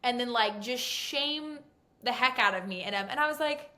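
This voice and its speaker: Young woman guest, bright, excitable, chatty racing reporter. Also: on the high side. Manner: excitable, fast-talking storyteller. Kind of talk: casual chat.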